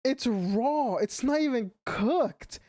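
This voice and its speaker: A man's voice: extremely high pitch, lively intonation, takes it slowly, mellow, no echo, studio quality, pitched above the performer's own voice, exaggerated voice. A man imitating his startled middle-aged mother, who sounds shocked and worried as she fusses over her son. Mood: alarmed.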